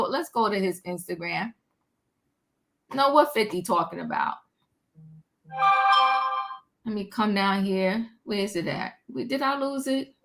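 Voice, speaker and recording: A woman's voice: fairly high pitch, pushed and bright. A woman hosting a casual commentary livestream, chatty and slangy, greeting her viewers and exclaiming as she goes. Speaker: livestream host.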